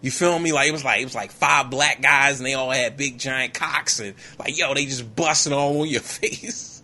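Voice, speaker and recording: A man recaps a film for laughs in loose street slang, his voice bright and forceful. He keeps the story rolling with "yo, man" and "you feel me," and jumps into quick impressions of the characters along the way. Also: medium pitch. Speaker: podcast host. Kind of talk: comedic movie recap.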